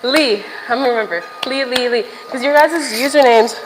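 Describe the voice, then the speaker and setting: A woman's voice: on the high side, normal speed, big-room sound, noisy background. A young woman livestreaming from a gym while walking on a stair machine, chatting casually to viewers, a little out of breath and swearing now and then.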